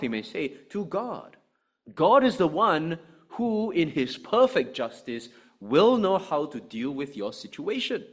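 Guy preaching a sermon, kinda high voice, super lively, keeps asking "right?". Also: breathy edge. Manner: animated, rhetorical "right?" asides, acts out angry voices.

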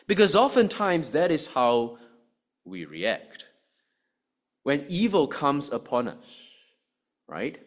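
A man preaching a sermon, animated, with frequent rhetorical asides to the congregation. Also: on the high side, slow, long pauses. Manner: animated, rhetorical "right?" asides, acts out angry voices.

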